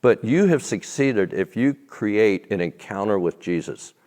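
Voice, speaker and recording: A man telling a faith testimony as an interview guest, animated and then dropping soft and low at tender moments. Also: unhurried. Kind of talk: storytelling testimony. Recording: long reverb.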